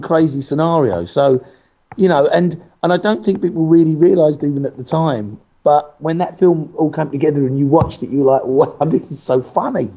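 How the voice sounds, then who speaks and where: A man's voice: on the high side, warm tone. A man, an actor talking as a guest in a casual interview, who laughs often and keeps restarting his sentences in a playful way.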